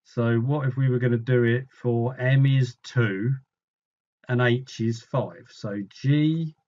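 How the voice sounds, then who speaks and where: Male maths tutor, self-correcting think-aloud delivery, mid pitch, slightly muffled lo-fi sound. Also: a little mellow. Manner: muttering, self-correcting, musing. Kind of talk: thinking aloud while solving a problem.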